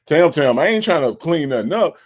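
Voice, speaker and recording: A man's voice: fairly high pitch, a little fast. A man hosting a casual reaction show, commenting on a clip and reading viewer comments in an exasperated, profane way. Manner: animated, exasperated, profane, addresses viewers as y'all.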